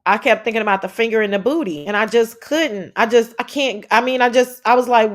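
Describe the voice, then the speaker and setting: Woman livestream host, higher-pitched, animated, swears casually, reads out chat. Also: fairly quick, few pauses. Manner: animated, blunt, swears freely, drawls "child" and "y'all". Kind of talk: casual live commentary, reading chat.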